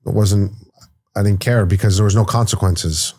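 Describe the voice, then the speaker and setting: Blunt, swearing New man, low voice. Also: fairly even intonation, normal speed, mellow, husky, no room sound, clean studio sound. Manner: blunt, swears freely, tells stories animatedly. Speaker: podcast host. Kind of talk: casual interview chat.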